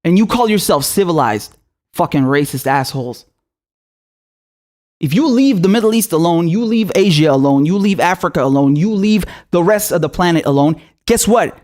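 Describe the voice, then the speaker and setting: A young man in full fury, ranting on his own political show. He swears constantly and throws accusing questions at his targets, his voice pitched high for a man and tight with anger. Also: expressive, normal speed, darkish tone. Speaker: political commentator. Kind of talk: angry political rant.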